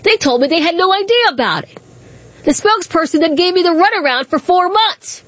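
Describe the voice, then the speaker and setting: A woman's voice: extremely high pitch, expressive, fairly quick, a bit bright. A woman hosting talk radio, speaking in a combative, indignant way with repeated rhetorical questions.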